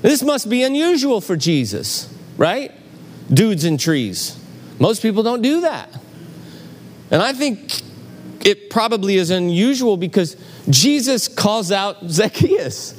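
A man's voice: sits high, sing-song, slow pace, a little hiss or hum. Storytelling man preaching in a reverberant church. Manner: storytelling, acts out voices. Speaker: pastor. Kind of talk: sermon. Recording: church hall reverb, faint ambience.

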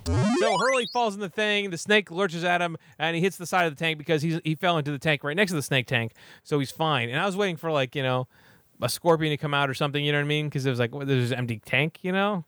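A young man with a somewhat high voice tells a movie plot in a loose, rambling comic style. He fills his talk with "you know" and slips into quick silly voices for the characters. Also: fairly bright tone, no room sound. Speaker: podcast host recapping a movie. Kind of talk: casual comedic movie recap.

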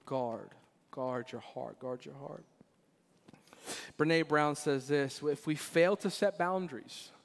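The sermon comes from a pastor in his forties whose voice sits a little high. He tells animated stories with laughter, going from loud to quiet and earnest, inside a church sanctuary with a long reverb.

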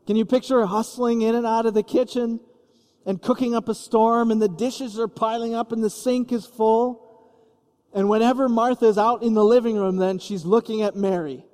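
A man's voice: high voice, warm tone, in a large hall. A man preaching a sermon as pastor, telling the story vividly and acting out the scene.

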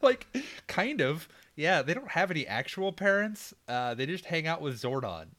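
A man's voice: a little high, sing-song, moderate pace, fairly bright tone. A man co-hosting a casual movie podcast, rambling and swearing freely as he recaps the plot. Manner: swearing, laughing, loose rambling. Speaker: podcast co-host.

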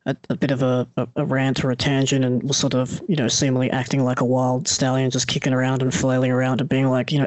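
A man in casual conversation recalling stories lively, with many small restarts. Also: mid-range voice, fast talker, hardly any pauses, dry recording. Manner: animated storyteller who acts out quoted voices.

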